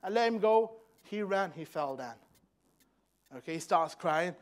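Young male preacher, high voice, church sermon, swings from soft to fervent. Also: expressive, unhurried. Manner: builds from soft, hushed storytelling to loud, fervent exhortation. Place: church hall.

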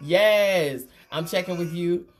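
A woman's voice: on the low side, slow pace. Chatty woman livestreaming. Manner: chatty, reads viewer comments aloud, calls them girl and honey. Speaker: livestream makeup host. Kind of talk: casual livestream chat. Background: faint Christmas music.

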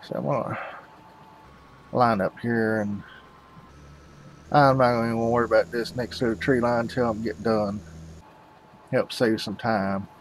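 A man's voice: medium pitch, fairly even intonation, normal speed, pauses often, a little hiss or hum, poor audio. A man hosting a farming game video, rambling casually and calling his viewers "folks". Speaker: gaming channel host.

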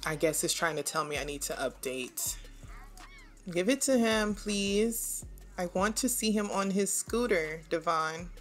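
A woman's voice: fairly low pitch, lively intonation, unhurried, soft background music. A woman, chatting casually to viewers while playing a life-sim game, laughing often. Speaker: gaming channel host. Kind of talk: casual let's-play commentary.

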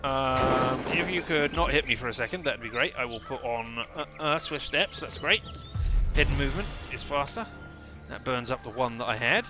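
A man's voice: medium pitch, expressive, moderate pace. A man giving rambling let's-play commentary, chatting through his game and yelping when he gets hit. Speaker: gameplay commentator. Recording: loud game music underneath.

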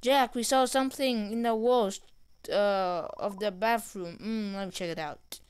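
Excitable woman narrating a game. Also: medium pitch, a little slow, clean tone. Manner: reads game dialogue aloud, excitable. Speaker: gamer. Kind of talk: gameplay commentary.

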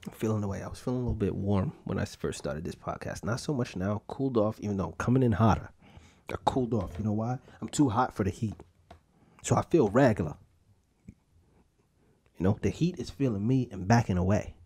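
Brisk and darkish with a breathy edge, this young adult podcast host rattles off crude, joking stories in a loose, rambling way. His pitch jumps without warning.

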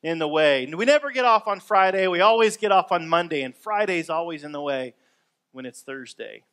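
Male pastor, high voice, chatty upbeat sermon delivery. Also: animated, a little fast, fairly bright tone, clear, resonant tone. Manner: conversational, upbeat preaching with acted-out everyday complaints.

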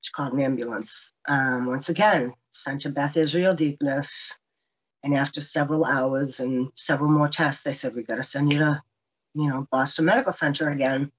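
A woman's voice: a bass voice, fairly even intonation, normal speed, husky, highs cut off. A woman in her fifties telling her own survival story earnestly, acting out what people said to her. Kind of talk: personal testimony.

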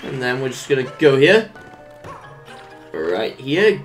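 Unhurried, lively gameplay commentator. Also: medium pitch, soft background music. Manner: hums little made-up tunes while playing; coos at the game characters like pets. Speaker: let's play commentator.

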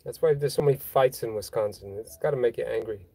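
A man's voice: mid-range voice, fast talker, dark tone, no room sound. A man chatting casually on a phone livestream from a boatyard, reading viewer comments in a rambling, self-deprecating way with frequent chuckles. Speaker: vlogger hosting a livestream. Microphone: phone held in hand.

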